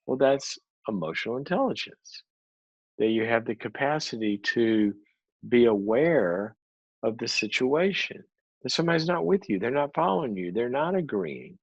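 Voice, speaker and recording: A man giving a conversational teaching talk, an animated storyteller who acts out the people he quotes. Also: mid-range voice, moderate pace, slightly rough, dry recording, dull audio. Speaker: psychologist and speaker.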